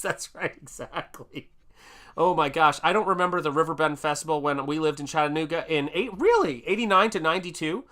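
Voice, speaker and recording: A man's voice: on the high side, a little fast, bright, forceful tone. A middle-aged American man hosting an art livestream, chatting casually and reading viewer comments aloud with lots of exclamations. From United States. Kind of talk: casual livestream chat while painting.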